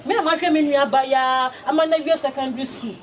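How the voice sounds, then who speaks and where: A woman's voice: high-pitched, steady tone, quick pace, noisy background. A woman pleading animatedly in a comedy skit. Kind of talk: comedy skit dialogue in Twi and pidgin.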